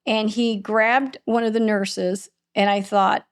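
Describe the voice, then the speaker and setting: A middle-aged woman, a podcast host being interviewed, recounting a painful family loss in a halting, emotional way. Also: medium pitch, flat delivery, clean tone. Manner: halting, restarts and voice breaking with emotion. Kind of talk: emotional personal storytelling in an interview.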